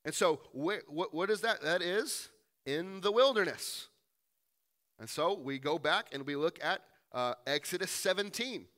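A man's voice: a little high, expressive, a little slow, a bit bright. A man preaching a teaching sermon, reading verses aloud and asking rhetorical questions. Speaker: pastor. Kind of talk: sermon, teaching through scripture.

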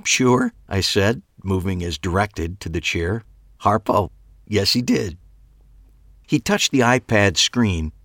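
A man narrating a first-person story in an audiobook, measured, wry and expressive. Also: low-pitched, no room sound, clean studio sound.

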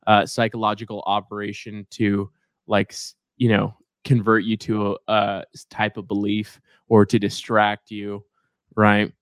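A man's voice: lowish voice, measured pace, smooth, no echo, clean studio sound. A young man co-hosting a podcast in casual, joking chat. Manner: joking, animated. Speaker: podcast co-host.

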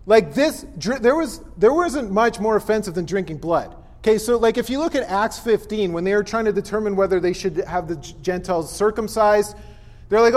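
A man with a high, light voice preaches in a relaxed, conversational way, laughing often and slipping into playful voices as he reads. His voice rings with a long reverb. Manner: casual, animated, laughs often, mimics voices. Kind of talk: sermon.

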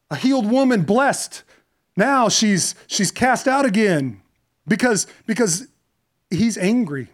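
A man preaching a sermon, retelling a story with shifts from quiet, hushed passages to impassioned, louder ones. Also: high voice.

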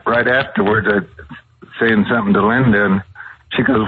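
A man from Colorado calling in to a radio show by phone, talking in a hesitant way with many pauses and fillers. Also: fairly low pitch, fairly even intonation, a little hiss or hum. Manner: hesitant, many ums and uhs. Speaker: phone-in guest. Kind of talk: casual radio chat. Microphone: telephone. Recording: tinny phone line.

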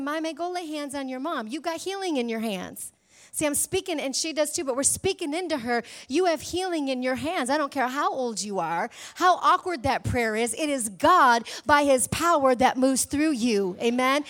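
A woman pastor preaching a sermon in a church, fervent and emphatic, swinging between loud declarations and hushed, intimate passages. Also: sits high.

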